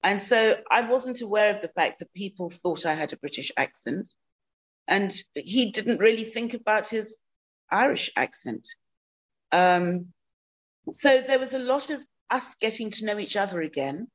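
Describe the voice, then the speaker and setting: A woman from South Africa, a guest answering interview questions thoughtfully, with many pauses and ums. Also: mid-range voice, lively intonation.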